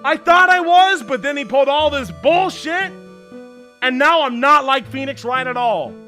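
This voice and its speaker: A young male streamer talks over a video game into a desk microphone, excitable and profane, often breaking into shouted rants. His voice is very high and bright, and faint game music plays in the background. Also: moderate pace. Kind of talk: let's play commentary.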